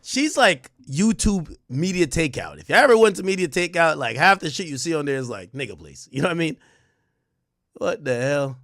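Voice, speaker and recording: Brief: male streamer, blunt reaction commentary, lively pitch, dry close sound. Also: moderate pace, dry recording. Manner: blunt, incredulous asides.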